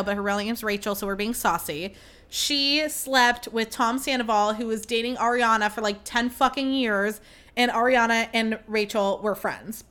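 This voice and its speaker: A woman's voice: a little high, pushed and bright. A young woman hosting a podcast, telling stories in a chatty, casual way, full of fillers and the odd swear word. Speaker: podcast host. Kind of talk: casual chat.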